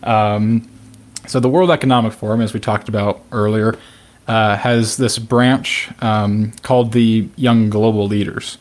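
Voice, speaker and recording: A man co-hosting a podcast, talking in a relaxed, chatty way. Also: on the low side, unhurried. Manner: relaxed, chatty, laughs along. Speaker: podcast co-host. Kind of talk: casual podcast discussion.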